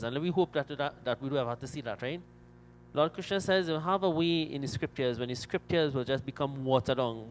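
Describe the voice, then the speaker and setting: A man's voice: medium pitch, a little hiss or hum, poor audio. A man officiating at a Hindu funeral and preaching a sermon, with a storytelling manner and repeated "my dear friends".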